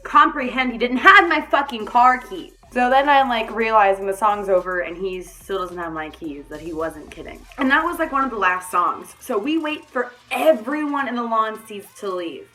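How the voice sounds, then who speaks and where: Young woman for a casual storytime vlog; bright, forward voice, lively and profane, with faint music underneath. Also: a little high, normal speed, few pauses. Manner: animated, swears freely. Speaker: vlogger.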